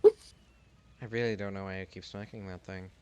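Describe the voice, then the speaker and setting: A man's voice: deep voice, fairly even intonation, moderate pace, a little mellow, a little hiss or hum. A man in a casual tabletop role-play session, exasperated and swearing freely as he narrates his own actions.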